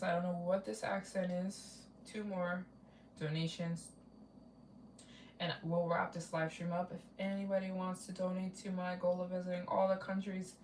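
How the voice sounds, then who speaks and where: A woman travel vlogger chats loosely through a late live stream, looping back over her points and reading out donations as they arrive. Her voice sits a little low and is heard from a distance in a roomy space, with faint ambience behind her. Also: little pitch movement, moderate pace, darkish tone, a little hiss or hum. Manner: rambling, repeats herself, reads out donations. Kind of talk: casual live-stream chat.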